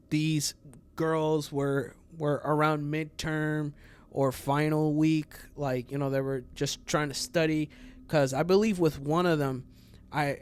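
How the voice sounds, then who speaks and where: A man hosting a true crime channel, talking casually in a rambling, profane way full of fillers. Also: fairly high pitch. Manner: rambling, profane, full of fillers, laughs at his own jokes.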